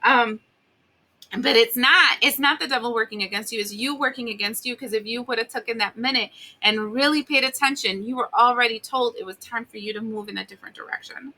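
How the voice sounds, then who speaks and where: A woman talks through a tarot spread in a casual, blunt way. She swears freely and acts out the listener's complaints as she goes. Her voice sits a little high and sounds bright and forceful. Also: fairly quick. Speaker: tarot reader.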